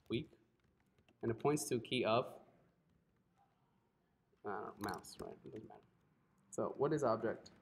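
A man's voice: medium pitch, unhurried, vocal fry, long pauses, a little hiss or hum. A man teaching a live coding class, who keeps checking in with his students and often apologizes. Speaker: coding instructor.

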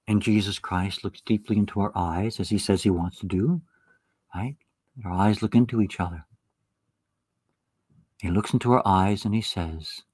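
A man's voice: fairly low pitch, darkish tone, slightly rough, no echo, studio quality. A man giving a retreat talk, telling a story with acted-out dialogue and reading scripture. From United States. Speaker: retreat speaker.

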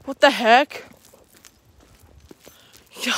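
A high-pitched woman vlogs as she walks alone outdoors. Her talk is jittery and rambling, packed with repeats of "you guys." The sound is dry and close, with hardly any room in it. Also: moderate pace, no room sound. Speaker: vlogger. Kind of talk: walking vlog talking to viewers.

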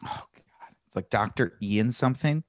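A comedian guesting on a podcast, telling stories eagerly in casual chat with lots of filler words. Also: male voice, medium pitch, normal speed, dry recording, studio quality. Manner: enthusiastic storyteller, heavy on "like" fillers.

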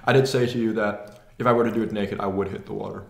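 A man's voice: fairly low pitch, fairly even intonation, quick pace, creaky. A man co-hosting a podcast, joking in casual chat while he eats at a table. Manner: joking, talks while eating. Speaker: podcast co-host. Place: room, eating at a table. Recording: echoey room, faint table noise.

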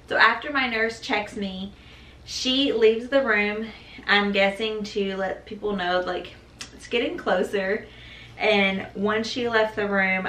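A young woman telling her own birth story in a casual, animated way, acting out what others said. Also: mid-range voice. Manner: animated, acts out quoted voices, laughs. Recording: echoey room, mic at a distance.

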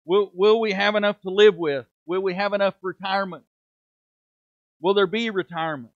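Middle-aged male preacher, high pitch, emphatic sermon delivery, dull close recording. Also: fairly even intonation, moderate pace, no echo. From United States. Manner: emphatic preaching with rhetorical questions and dramatic drops in volume. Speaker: preaching minister. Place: church sanctuary.

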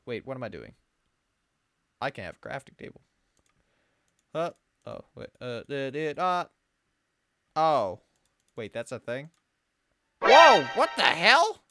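A young adult playing a video game alone and commenting, excitable, talking to the game's animals and yelping when startled. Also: mid-range voice, slow pace, pauses often, soft background music. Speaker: let's play gamer.

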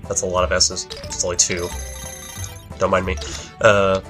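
A young man in his late teens talks through a video game in a low voice. He mumbles and rambles, correcting himself as he goes, with faint game music under him. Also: monotone, moderate pace. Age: young adult. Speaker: let's play commentator. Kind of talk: casual gameplay commentary.

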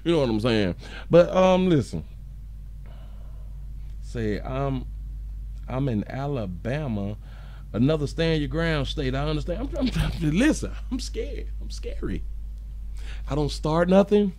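A man's voice: on the high side, expressive, unhurried, pauses often, a little mellow, a little hiss or hum. A man hosting a casual live stream, reading viewer comments aloud and joking with a frequent chuckle. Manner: chuckles often, loose and joking.

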